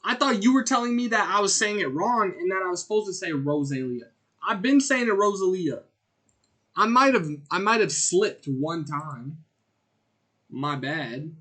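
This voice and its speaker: A man streaming a game, chatting casually and rambling in a jokey way, with sudden loud outbursts as he answers his chat. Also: high voice, animated, normal speed. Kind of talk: casual gameplay commentary.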